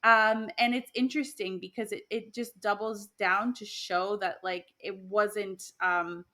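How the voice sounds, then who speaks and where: A woman talks through old legends in a loose, casual podcast chat, with plenty of ums, restarts and quick laughs. Her voice sits at an ordinary middle pitch. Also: steady tone, pushed and bright. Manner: chatty, laughs often, many fillers and restarts. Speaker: podcast co-host sharing myths.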